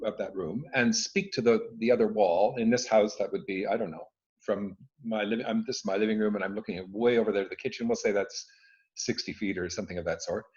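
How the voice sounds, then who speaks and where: A man in his living room speaking on a video call, an expert answering interview questions with emphatic, expressive delivery and frequent restarts. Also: on the low side, fast. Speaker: speaking coach and former conductor. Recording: dull lo-fi video call audio.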